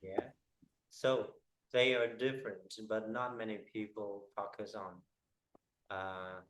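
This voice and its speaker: A man teaching a one-on-one English pronunciation lesson, explaining haltingly with many fillers. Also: on the low side, a bit bright, poor audio.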